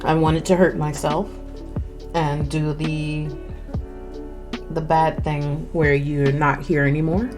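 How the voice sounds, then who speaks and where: Low-voiced woman streamer chatting while eating. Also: flat delivery, slow pace, long pauses. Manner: chewing between words, candid and rambling. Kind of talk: casual chat while eating. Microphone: close desk mic. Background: faint music.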